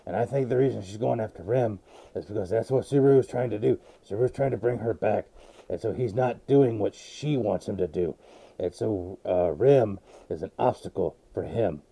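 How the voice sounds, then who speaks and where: Male anime vlogger, gravelly and low, recapping with excited rambling. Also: moderate pace. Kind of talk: casual episode recap.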